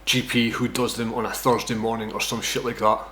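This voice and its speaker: A man's voice: lowish voice, level tone, a little fast, fairly bright tone, a little hiss or hum. A Scottish man in his thirties tells a personal story as a casual vlog, rambling and swearing, often tagging lines with "right?". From Scotland. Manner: rambling, profane, self-mocking, fond of "right?". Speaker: vlogger telling a personal story.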